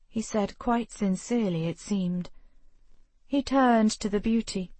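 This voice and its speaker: Brief: female audiobook narrator, mid-pitched, expressive, very dry close recording. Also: unhurried, no room sound. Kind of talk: scripted narration.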